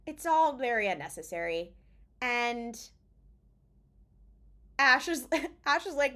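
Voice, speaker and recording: A woman co-hosting a podcast, recapping an episode in a casual, animated way and acting out the characters' lines, swearing freely. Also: on the high side, slow, long pauses. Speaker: podcast co-host.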